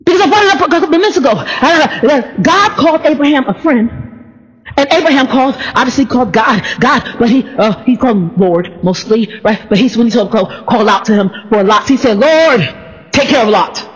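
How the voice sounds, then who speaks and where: A woman preaching an informal sermon, full of laughter and quick asides. She slips into the voices of the people in her stories. Her voice rings with the long reverb of a big hall. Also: a little high, husky. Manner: animated, laughs often, acts out voices. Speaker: preacher teaching the Bible.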